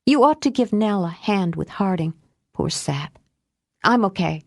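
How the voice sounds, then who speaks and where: A woman voicing a tough, blunt young witch with a quick temper. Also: mid-range voice, expressive, a little mellow, no room sound, clean studio sound. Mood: shaky, wry.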